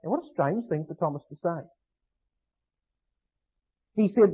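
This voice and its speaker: A man preaching a sermon, emphatic, slowing to stress phrases and asking rhetorical questions. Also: a little high, expressive, dark tone, husky, poor audio.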